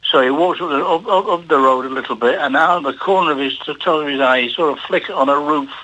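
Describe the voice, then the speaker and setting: An older man, a television producer, telling a story on the radio with halting repeats and lively delivery. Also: fairly high pitch, lo-fi sound. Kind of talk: anecdotal storytelling.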